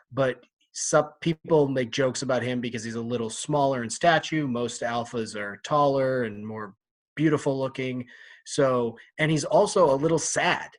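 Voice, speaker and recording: A man with a mid-range voice leading a casual book club chat. He talks in an easy, rambling way and laughs often as he steers the conversation. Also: medium pitch. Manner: chatty, laughs often, leads the discussion. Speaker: podcast co-host.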